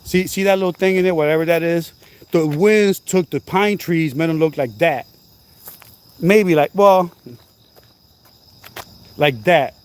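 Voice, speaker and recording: A man vlogging outdoors at night, telling a story in an animated, repetitive, exclaiming way, now and then coughing. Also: fairly high pitch, measured pace, long pauses, clean tone. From New Jersey. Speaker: channel host. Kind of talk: casual storytelling vlog.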